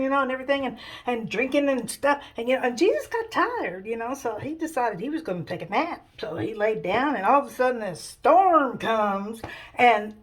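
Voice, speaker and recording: Chatty woman with a higher voice, rambling through a comic Bible retelling. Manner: rambling, chatty, many fillers. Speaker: storyteller.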